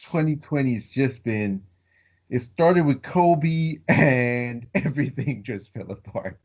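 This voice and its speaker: A man co-hosting a podcast, rambling in casual film chat with many fillers and halting restarts. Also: mid-range voice, lively intonation. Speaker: podcast co-host.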